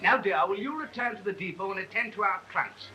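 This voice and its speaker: A man's voice: sits high, brisk, pushed and bright, a little hiss or hum. A man playing a fussy, genteel upper-class lord in a 1930s film comedy, prone to fluttery exclamations.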